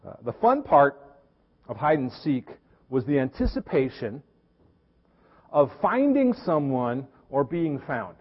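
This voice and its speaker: A man's voice: medium pitch, big pitch swings, slow, pauses often, slightly rough. A middle-aged man from Tennessee, a pastor giving a conversational, storytelling sermon with easy fillers, recorded with dull, echoey church sound. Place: church sanctuary.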